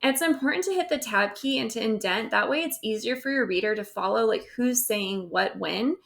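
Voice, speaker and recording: A woman's voice: on the high side, expressive, a little fast, gravelly, a bit bright. A woman teacher recording a grammar lesson over slides, explaining step by step and often checking in with "right?".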